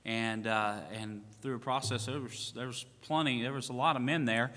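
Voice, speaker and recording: A pastor man spins a playful, self-mocking story from the pulpit. His voice is bright and forceful, with a long echo trailing through the church hall. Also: mid-range voice, steady tone, normal speed. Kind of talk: sermon. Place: church sanctuary.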